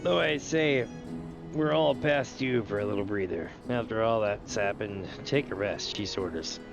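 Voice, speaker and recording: A man reading aloud the lines of a steady male village chief in a measured way. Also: on the low side, vocal fry, highs cut off, music in the background. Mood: calm. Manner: measured, reading game dialogue.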